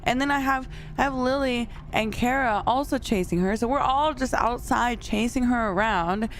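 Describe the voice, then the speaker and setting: A woman's voice: on the high side, moderate pace, a little hiss or hum. A young woman chatting casually to her viewers, telling a story with lots of laughter between lines. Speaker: streamer.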